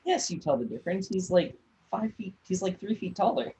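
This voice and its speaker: A man running a tabletop game as game master, narrating in a relaxed, halting way with many restarts. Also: sits high, rough recording.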